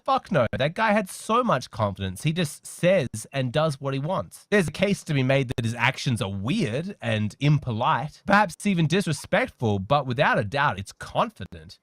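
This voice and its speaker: A man's voice: mid-range voice, dry recording, clean studio sound. A man with an Australian accent, a dating coach giving blunt, emphatic video commentary.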